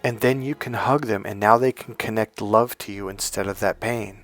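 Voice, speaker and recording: A man's voice: on the low side, fairly even intonation, moderate pace, a bit bright, soft background music. A man speaking as a dating coach in a persuasive, emphatic monologue to his viewers. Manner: emphatic, persuasive, acts out quoted voices.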